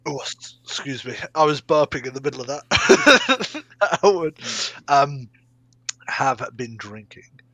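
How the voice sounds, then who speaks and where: A man runs a tabletop game as dungeon master, with a bright, lively voice that climbs and falls and an unhurried pace. He laughs between lines. The recording is clean and close. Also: mid-range voice, dry recording.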